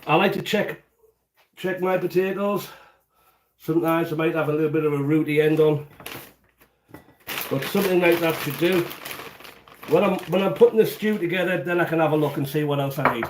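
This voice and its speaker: A man's voice: on the high side, a little fast, pauses often, a little hiss or hum. Chatty man cooking at home. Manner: chatty, rambling step-by-step explaining. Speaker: home cooking channel host. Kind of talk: casual cooking livestream. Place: home kitchen.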